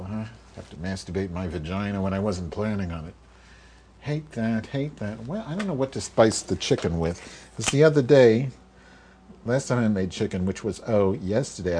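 A man's voice: deep voice, dark tone, slight background noise. Rambling profane man in his fifties. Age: 50s. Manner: profane, rambling, easily sidetracked, muttering asides. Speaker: podcast host. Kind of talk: rambling solo podcast while cooking. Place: home kitchen.

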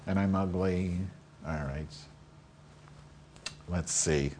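A man's voice: low voice, steady tone, drawn-out words, long pauses, darkish tone. Rambling profane man in his fifties. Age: 50s. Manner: profane, rambling, easily sidetracked, muttering asides. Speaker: podcast host. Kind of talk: rambling solo podcast while cooking. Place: home kitchen.

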